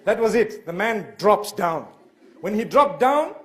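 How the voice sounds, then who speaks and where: A man preacher telling a humorous anecdote in a sermon, animated, acting out the quoted voices. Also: sits high, measured pace. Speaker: Islamic preacher.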